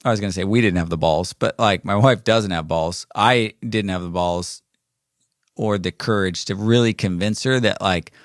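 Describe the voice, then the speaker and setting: A man's voice: sits low, normal speed, dry recording, clean studio sound. Rambling, playful man in his forties. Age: 40s. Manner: rambling and playful, with frequent fillers and self-corrections. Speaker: podcast host. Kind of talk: casual solo podcast monologue.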